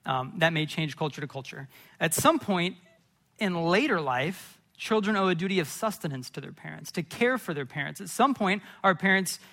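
A man in his thirties preaching a sermon, telling personal stories earnestly and acting out retold scenes with animated, rising voices. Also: normal speed. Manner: earnest storytelling, building to animated, high-pitched retellings. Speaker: pastor.

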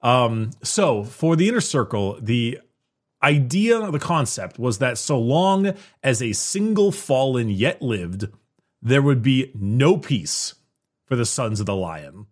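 A man's voice: medium pitch, big pitch swings, slow pace, darkish tone. A man explaining game lore at length in a casual podcast conversation, with frequent restarts.

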